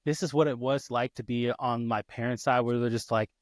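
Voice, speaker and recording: A man in his thirties hosting a casual podcast interview, lively and quick to act out his kids' voices. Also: mid-range voice, no room sound, clean studio sound. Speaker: podcast host.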